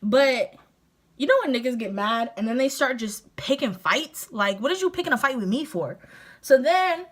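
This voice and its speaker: A young woman vlogger telling a story casually while doing her makeup, animated and profane, laughing often. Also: sits high, moderate pace.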